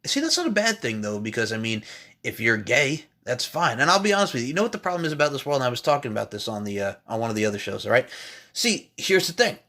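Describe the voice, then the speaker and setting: A man in his thirties hosting a casual podcast chat, animated and quick to jump into high-pitched exclamations and laughter. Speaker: podcast host.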